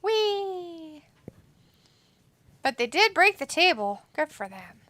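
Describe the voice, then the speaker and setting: A woman hosting a wrestling watch-along, commenting excitedly and joking as she mimics the wrestlers. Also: high voice, moderate pace, no room sound. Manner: excitable, jokey, mimics wrestlers in silly voices.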